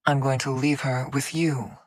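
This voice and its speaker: Woman reading a calm knowing seer lady, low voice, bone dry sound. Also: unhurried, no echo. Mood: cool. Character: cool, cryptic female seer.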